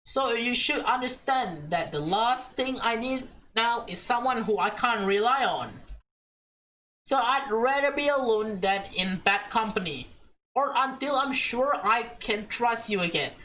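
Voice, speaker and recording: A woman's voice: a little high, expressive, measured pace, a bit bright, a little hiss or hum, low-quality recording. A woman voicing a hurt, reproachful young woman who is pulling away from her friend.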